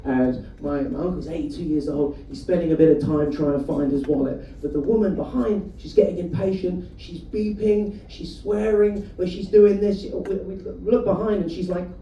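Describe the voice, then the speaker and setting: A high-pitched man from the UK works a comedy club crowd, telling stories in a chatty way and firing off quick asides to the audience. His tone is dark and mellow. He sounds roomy and a bit distant, as if picked up by a mic away from the stage. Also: steady tone, a little hiss or hum. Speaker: stand-up comedian. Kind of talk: stand-up comedy set with crowd work. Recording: roomy live venue, mic heard from a distance. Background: audience laughter.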